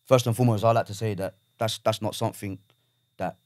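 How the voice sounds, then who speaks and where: A man in his thirties talking quickly in a low voice on a podcast, frank and rambling with plenty of fillers. He sounds like a guest in a studio chat. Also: steady tone, a little mellow, dry recording. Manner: frank, rambling, many fillers like "obviously" and "whatnot". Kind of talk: casual chat.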